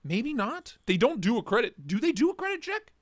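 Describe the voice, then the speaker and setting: A man's voice: very high-pitched, very animated, brisk. A man hosting a casual morning livestream. He greets viewers by name, jokes and rambles. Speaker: livestream host.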